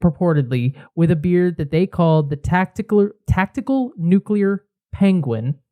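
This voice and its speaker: A man co-hosting a casual podcast, telling a story with animated build-ups. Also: sits high, moderate pace. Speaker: podcast co-host.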